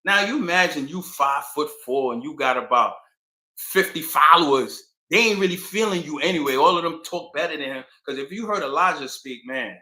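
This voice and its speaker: A man's voice: a little high, a little fast. A man hosting his own channel, telling history in a casual, slangy storytelling way and acting out quotes. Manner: slangy, animated, acts out quotes. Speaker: channel host. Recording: echoey room.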